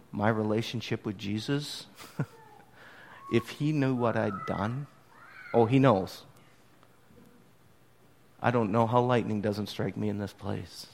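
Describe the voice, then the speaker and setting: A man preaching a sermon to his congregation in an expressive, conversational storytelling manner. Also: on the low side, creaky. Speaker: pastor. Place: church service.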